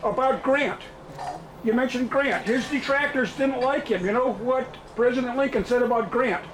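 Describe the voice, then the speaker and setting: A man's voice: very high voice, normal speed, echoey room, slight background noise, poor audio. A man from the audience who makes his points with historical quotes. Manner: quotes history, recites remarks. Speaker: audience member.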